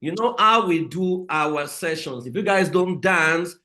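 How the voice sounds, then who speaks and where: A man's voice: a little high, a little slow, bright, forceful tone. A man hosting a live online family life class, upbeat and repeating his words to rouse the audience. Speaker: session host and family life coach.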